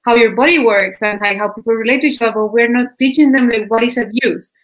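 A woman responding thoughtfully in conversation, pausing to search for words. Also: a little high, low-quality recording. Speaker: conversation partner. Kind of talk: reflective conversation. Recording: faint music underneath.

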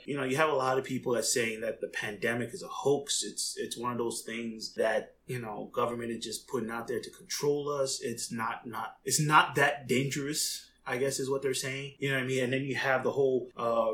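Rambling, conversational man, faint hum. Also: mid-range voice. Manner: rambling, conversational, frequent "you know what I mean"; animated, voice jumps up when quoting others. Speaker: commentator. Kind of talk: casual opinion monologue.

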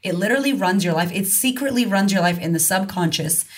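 A woman's voice: medium pitch, lively intonation, quick pace. A woman being interviewed as a confidence coach, speaking frankly and emphatically with casual swearing. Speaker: guest, confidence coach and author. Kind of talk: candid conversational interview.

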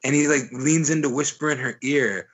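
A man's voice: medium pitch, normal speed, fairly bright tone, breathy edge. A young adult man co-hosting a podcast, telling stories in a rambling, profane, casual way full of filler words. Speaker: podcast co-host. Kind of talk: casual storytelling chat.

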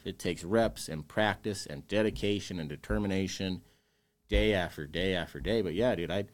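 Earnest man speaking openly about grief. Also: on the low side. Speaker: podcast guest. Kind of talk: candid interview conversation.

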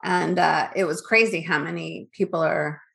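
A woman in her fifties, a business owner from Northern California, telling her story in a candid, animated interview chat. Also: sits low, moderate pace, creaky. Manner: candid and animated, acts out her past thoughts.

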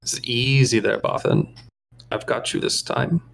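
A man voicing a gray, insect-like male alien bounty hunter with a high, whining voice, taunting his quarry. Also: unhurried, vocal fry, a bit bright, exaggerated voice. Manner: smug, needling taunts.

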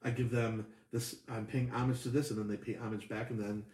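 A man's voice: medium pitch, level tone, brisk, a little mellow, echoey room, distant mic. A man co-hosting a casual beer-tasting podcast, joking and bantering playfully. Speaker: podcast co-host.

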